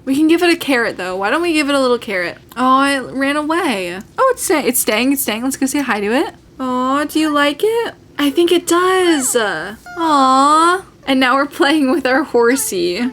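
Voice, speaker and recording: A woman giving casual, chatty commentary over her gameplay, excitable and gasping often. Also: sits high, normal speed, hardly any pauses, slight background noise. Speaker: gaming channel host.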